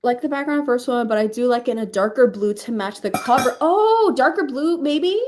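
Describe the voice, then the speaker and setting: A woman's voice: fairly high pitch, a little fast, noisy background. Chatty sleepy woman streamer. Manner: chatty, laughs often, thinks aloud. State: sleepy, yawning. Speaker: streamer hosting reading sprints. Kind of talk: casual live-stream chat.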